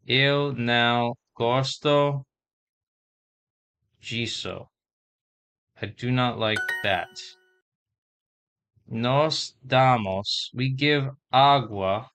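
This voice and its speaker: Male vlogger, mid-range voice, slow deliberate delivery, casual chatty self-talk while studying. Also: medium pitch, a bit bright. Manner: slowly sounds out and spells words while learning; chatty, thinking aloud. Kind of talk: casual language-learning vlog.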